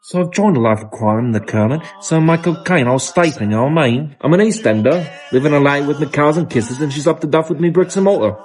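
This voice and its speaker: A man's voice: a little high, lively intonation, fast talker, hardly any pauses, darkish tone, lightly acted. A man playing Alfred, a swaggering Cockney petty crook, rambling crudely in rhyming slang in a comedic monologue.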